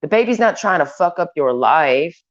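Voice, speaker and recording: Woman, low voice, profane, rambling, blunt, muffled lo-fi recording. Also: lively intonation, moderate pace. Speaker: vlogger. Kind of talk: rambling stream-of-consciousness rant. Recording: dull lo-fi recording.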